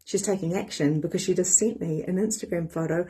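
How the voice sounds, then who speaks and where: A woman, a life coach giving a lively live-streamed motivational talk. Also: lowish voice, fairly quick, husky. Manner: animated and excitable, swears casually.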